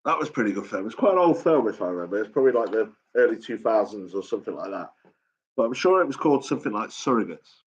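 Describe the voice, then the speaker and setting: A man's voice: fairly low pitch, expressive, quick pace, slightly rough, lo-fi sound. Blunt, foul-mouthed middle-aged man. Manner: swears constantly, rambling and blunt. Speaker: live stream host. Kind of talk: casual late-night live chat storytelling.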